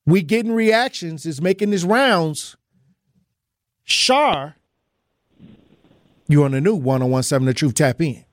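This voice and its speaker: A man hosting a talk radio show, reacting to callers in a measured way and introducing topics. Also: on the high side, expressive, no echo, studio quality. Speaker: radio host. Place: radio studio.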